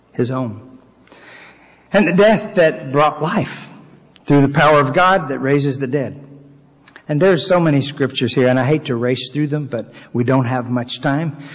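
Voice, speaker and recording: Husky-voiced preacher in a reverberant hall. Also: male voice, medium pitch. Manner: earnest preaching, reads scripture aloud with swelling emphasis. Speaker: pastor. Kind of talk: sermon. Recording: long hall reverb, slightly dull sound.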